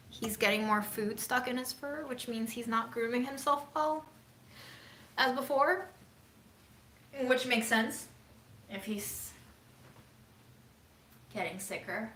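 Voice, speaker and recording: A woman hosting a casual livestream, reading and answering viewer comments in a relaxed, musing way with many "um"s and some half-whispered asides. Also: fairly high pitch. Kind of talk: casual chat. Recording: echoey room with faint ambient noise.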